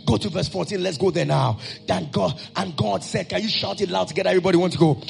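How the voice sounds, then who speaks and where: A man preaching a sermon, calling out to the congregation and rising into shouted, chanted lines. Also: high-pitched, fast talker, vocal fry, hardly any pauses, soft background music.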